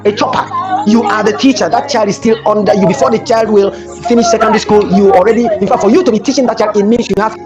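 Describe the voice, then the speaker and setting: Brief: brisk male teacher trainer, emphatic, repeats points, clear music behind. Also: high voice, fairly even intonation. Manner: emphatic, repeats phrases, tells classroom stories. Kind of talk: workshop lecture.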